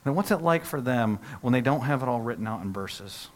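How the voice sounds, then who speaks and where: A middle-aged male pastor preaching a sermon, animated, acting out the disciples' reactions and dropping to a hush for solemn points. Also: mid-range voice, a little fast.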